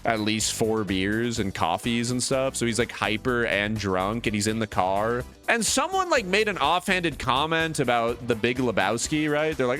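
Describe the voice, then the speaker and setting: A young man streamer telling a long funny story in casual chat, animated and full of "like" fillers, acting out the people in it. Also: medium pitch, normal speed, hardly any pauses, faint music behind. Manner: animated, many "like" fillers, acts out other voices.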